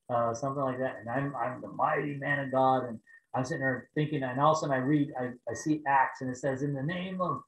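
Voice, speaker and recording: Animated male preacher telling a story. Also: medium pitch, roomy sound, low-quality recording. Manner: animated storytelling, rising to loud exclaims when acting out prayers. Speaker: pastor. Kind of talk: sermon over a video call. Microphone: video call.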